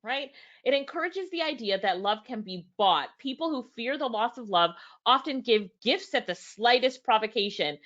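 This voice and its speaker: Animated woman reading a book aloud. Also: fairly high pitch, normal speed, hardly any pauses, highs cut off. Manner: animated, talks straight to her viewers; acts out both sides of conversations. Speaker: book reviewer and business owner. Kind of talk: live-streamed book review, reading aloud and commenting.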